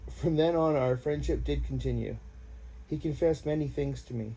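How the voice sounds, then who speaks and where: A man's voice: a little high, normal speed, gravelly, warm tone, slightly rough, poor audio. A man giving an amateur reading of a war memoir in a plain, unpolished way. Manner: plain, unpolished, casual asides. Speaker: audiobook reader.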